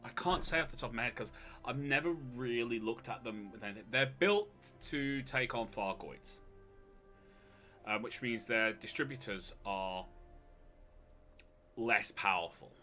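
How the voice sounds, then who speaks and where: A man's voice: mid-range voice, a little slow, long pauses, soft background music. A man co-hosting a gaming live stream, chatting casually and playfully over gameplay. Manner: playful, jokey, breaks into excited yelps.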